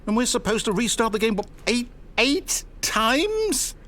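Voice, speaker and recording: A man's voice: extremely high pitch, very animated, a little slow, pushed and bright, heavily acted. An actor playing a theatrical, wry male narrator in a video game, with a dry storybook delivery. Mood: alarmed. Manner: swings from grand to panicked. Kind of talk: scripted narration.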